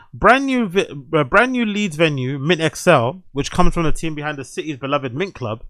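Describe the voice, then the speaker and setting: A young man with a fairly high voice hosts a casual show, reading news items aloud and breaking off into excited, profane reactions. The sound is dry and close, with no room around it. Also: no echo. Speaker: host.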